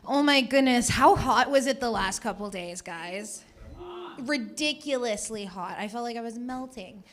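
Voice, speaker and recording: A woman's voice: a little high, unhurried, a bit bright. A young woman from Canada doing a chatty, self-mocking stand-up set at an open mic, laughing at her own jokes. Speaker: stand-up comedian.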